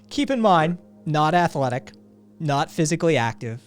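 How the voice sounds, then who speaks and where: A man's voice: on the high side, unhurried, pauses often, smooth. A man casually telling a long anecdote on a livestream, full of fillers and acted-out quotes, with faint music behind. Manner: rambling, acts out quotes, frequent fillers. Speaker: podcast co-host.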